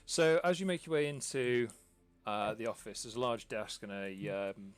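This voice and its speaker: A man narrating a tabletop game as game master, in a relaxed, meandering way with lots of ums. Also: mid-range voice, moderate pace, clean tone. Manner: relaxed, rambling with ums and uhs.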